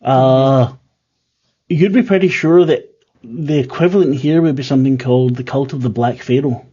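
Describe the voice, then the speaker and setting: A man's voice: medium pitch, normal speed, warm tone, breathy edge, lo-fi sound. A man running a tabletop horror game as keeper, talking casually with lots of fillers and restarts. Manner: rambling, filler-heavy, self-deprecating.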